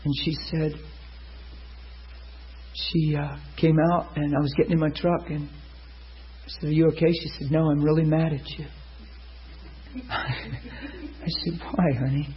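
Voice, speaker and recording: A man's voice: a little slow, long pauses. Storytelling preacher man, muffled sound. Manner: animated, acts out quotes with sudden loud high bursts. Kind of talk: sermon storytelling.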